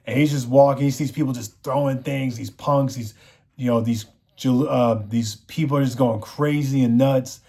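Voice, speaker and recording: A man's voice: medium pitch, fairly even intonation, brisk, warm tone. A man reviewing a TV show, recapping the plot in a rambling, casual way, full of "you know" fillers.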